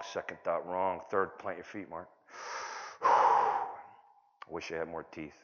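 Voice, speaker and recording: Man, middle-aged, stand-up comedian, rambling storyteller, bursts of loudness, muffled hall recording. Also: moderate pace, long pauses. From California. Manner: rambling, self-interrupting storyteller with sudden loud bursts. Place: conference hall. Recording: dull, boomy conference hall recording.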